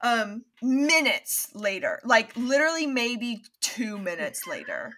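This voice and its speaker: A woman narrating a tabletop game as game master, animated and giggly. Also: on the high side, slow, slight background noise. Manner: animated, laughing storyteller.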